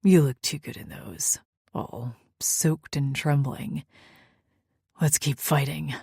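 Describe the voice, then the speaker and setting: A woman voicing a stubborn, dominant young man who teases his lover in a lowered, commanding voice, read as an audiobook romance. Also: steady tone, slow, gravelly, warm tone, breathy edge, dry recording, clean studio sound, heavily acted. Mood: teasing. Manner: low, teasing, commanding.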